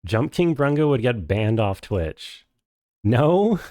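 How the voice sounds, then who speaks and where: Deadpan, low-voiced male streamer. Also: a little slow, no echo, studio quality. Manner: rambling, deadpan and self-deprecating while reading chat aloud. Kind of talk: casual live-stream chat while playing.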